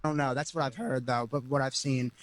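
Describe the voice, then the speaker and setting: A man's voice: mid-range voice, steady tone, quick pace. A man answering street interview questions hesitantly, with many fillers.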